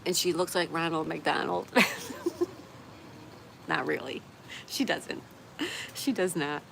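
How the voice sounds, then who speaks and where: Woman reading chat comments on her stream, kinda low voice, laughs a lot, noisy background. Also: fairly even intonation, takes it slowly, gravelly. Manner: reads viewer comments aloud, chatty, laughs often. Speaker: livestream host reading chat. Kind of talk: casual livestream chat. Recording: noticeable background noise.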